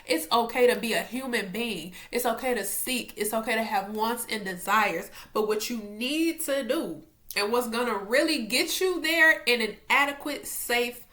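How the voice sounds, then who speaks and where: Young woman, fairly high voice, bright tone, excitable casual faith vlog at home. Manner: animated, excitable, chatty, talks straight to viewers. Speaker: faith vlogger. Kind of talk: casual faith talk to camera.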